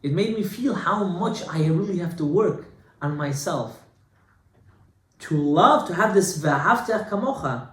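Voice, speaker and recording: A man giving an informal Torah class as a rabbi, animated and conversational, with Hebrew terms mixed in. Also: sits high, unhurried. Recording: echoey room with faint noise.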